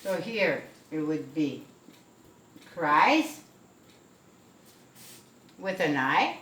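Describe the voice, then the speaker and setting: A woman teacher slowly and carefully explaining a spelling lesson to her students. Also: sits low, very animated, a bit bright, distant mic. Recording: echoey room, away from the mic.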